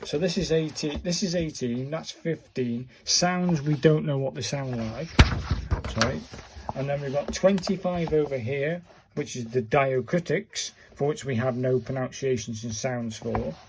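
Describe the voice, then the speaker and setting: A man's voice: mid-range voice, unhurried, slight background noise. A man, chatting casually in a vlog and muttering to himself as he counts and searches. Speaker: vlogger learning Japanese writing. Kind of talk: casual thinking-aloud tutorial chat.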